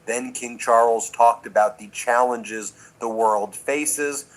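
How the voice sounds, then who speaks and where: A man hosting casual news commentary, animated and chatty, talking straight to his viewers. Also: mid-range voice, takes it slowly, low-quality recording. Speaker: commentary channel host.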